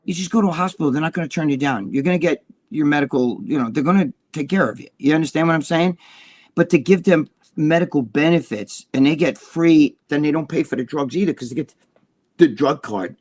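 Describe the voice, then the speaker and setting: A man's voice: fairly high pitch, brisk, darkish tone. A man co-hosting a casual talk show, ranting bluntly and swearing a lot. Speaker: co-host.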